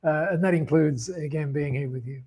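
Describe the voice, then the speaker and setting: Husky Australian man telling a story. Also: fairly high pitch, normal speed, a little mellow. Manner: rambling, with frequent restarts and acted-out dialogue. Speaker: guest speaker. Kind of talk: storytelling interview answer.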